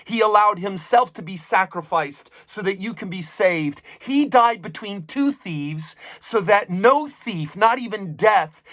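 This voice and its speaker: A man's voice: high voice, sharp tone, no echo, clean studio sound. Emphatic preaching man, raised voice. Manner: emphatic preaching with repeated phrases and questions to the listeners. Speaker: pastor. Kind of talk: sermon.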